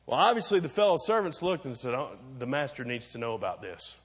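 A man's voice: mid-range voice, very animated, brisk, breathy edge. A man preaching a sermon as pastor, talking conversationally, explaining and asking rhetorical questions, then building to emphatic points. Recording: long reverb of a large hall.

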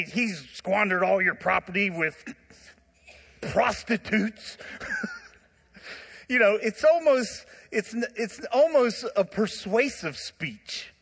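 Husky, high-voiced preacher in an echoing hall. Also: male voice. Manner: animated storytelling with laughs and asides. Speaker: pastor. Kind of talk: sermon.

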